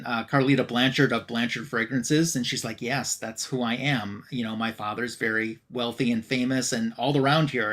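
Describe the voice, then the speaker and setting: A man's voice: mid-range voice, a bit bright. A man co-hosting a podcast, casually retelling a comic book plot with quoted lines and frequent fillers. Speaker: podcast co-host.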